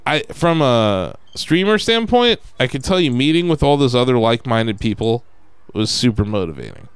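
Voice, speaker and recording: A man hosting a casual podcast, talking in an animated way and swearing when he gets worked up. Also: medium pitch, moderate pace, clean tone, no echo. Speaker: podcast host.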